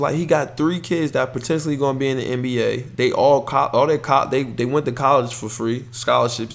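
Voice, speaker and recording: A young man hosting a podcast, talking casually and excitedly about basketball, rambling with lots of fillers and restarts. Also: a little high, creaky. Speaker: podcast host. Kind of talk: casual solo sports talk.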